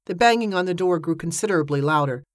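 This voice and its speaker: Low-voiced woman narrating an audiobook. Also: lively intonation, fast, no echo, studio quality.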